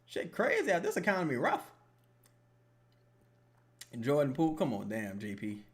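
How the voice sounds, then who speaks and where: A young man talks over a basketball game he is watching live. His voice sits a little high and swings widely up and down. He jokes, swears and rambles as he reacts. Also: normal speed. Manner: animated, joking, profane and rambling.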